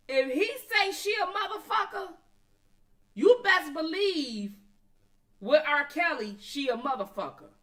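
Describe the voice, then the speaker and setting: A high, bright woman, hosting a commentary stream. She talks in blunt, profane bursts and answers her chat directly. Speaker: commentary channel host. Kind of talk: casual commentary, addressing viewers and chat.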